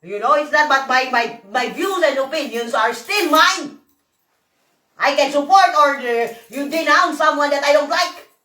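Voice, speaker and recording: A hoarse woman vlogger, ranting in a profane, rambling, emphatic way. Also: sits high, normal speed, bright, forceful tone, distant mic. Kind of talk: emotional rant to camera. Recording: echoey room, voice off-mic.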